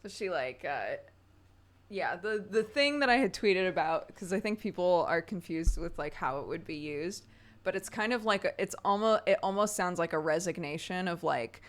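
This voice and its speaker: Chatty laughing woman streamer, slightly low. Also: lively intonation, moderate pace. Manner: chatty, rambling, laughs often. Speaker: game streamer. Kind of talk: casual chat with viewers while gaming.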